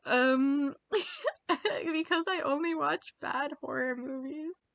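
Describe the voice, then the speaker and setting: Giggly American woman, slow and bright. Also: sits high, expressive, vocal fry, dry recording. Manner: giggly, self-mocking, muttering while reading options. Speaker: video creator taking online quizzes. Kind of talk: casual chat reading quiz questions aloud.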